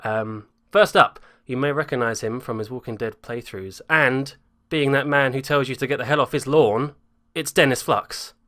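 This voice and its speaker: A man hosts a casual group podcast over a voice call. He talks in a chatty, self-mocking way, and his voice sits at an ordinary middle pitch. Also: normal speed, sharp tone. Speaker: podcast host.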